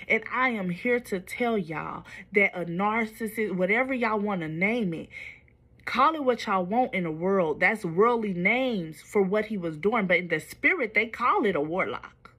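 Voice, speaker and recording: A woman's voice: medium pitch, moderate pace, fairly bright tone. A woman telling a personal storytime to her viewers, candid and confiding, with wandering asides.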